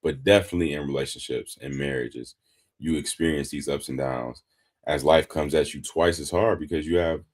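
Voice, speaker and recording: A man from Detroit co-hosting a relaxed podcast with his wife, easygoing and explaining things in long, loose runs. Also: very deep voice, moderate pace. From Detroit, Michigan. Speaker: podcast co-host. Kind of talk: casual chat.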